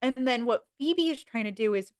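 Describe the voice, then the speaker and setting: A woman's voice: a little high, fairly quick. A woman chatting as a podcast guest, retelling scenes with lots of laughter and acting out the quotes. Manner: animated retelling, laughs often, acts out quotes. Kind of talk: casual chat.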